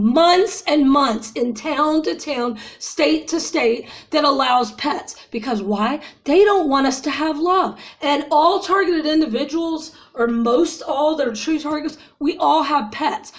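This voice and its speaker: A woman in her fifties venting to her viewers in an agitated, ranting way, upset after crying and calling her audience "y'all". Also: high voice. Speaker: vlogger. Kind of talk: emotional personal vent to viewers.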